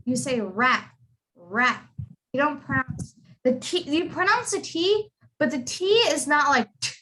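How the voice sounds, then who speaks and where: A woman's voice: sits high, expressive, moderate pace, fairly bright tone, a little hiss or hum. A young woman teaching pronunciation to children over a video call, patiently explaining and repeating model words. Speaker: accent tutor. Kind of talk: online pronunciation lesson for kids.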